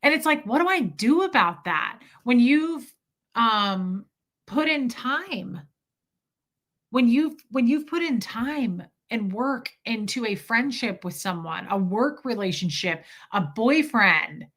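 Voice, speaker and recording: A woman with a bright, forward voice pitched a little high. She chats candidly on a livestream, laughing easily and swearing without hesitation while she responds to viewers. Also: expressive, slow. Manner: candid and emotional, laughing often, frank with swearing. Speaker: livestream host. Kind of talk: casual livestream chat reading comments.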